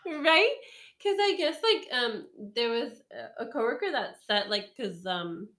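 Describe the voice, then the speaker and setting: A woman's voice: a little high, animated, a little slow, fairly bright tone. A woman telling a work story in casual chat, rambling with lots of ums and likes and acting out what people said. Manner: rambling, full of ums and likes, acts out quotes. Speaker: podcast storyteller.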